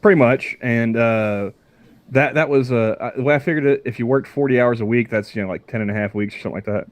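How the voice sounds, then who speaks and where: A man co-hosting a podcast, telling a story in casual chat, halting often with fillers. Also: mid-range voice, no room sound. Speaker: podcast co-host.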